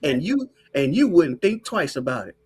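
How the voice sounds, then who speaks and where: A woman hosting a podcast, ranting with profane, animated storytelling in casual chat. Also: deep voice, moderate pace, husky. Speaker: podcast host.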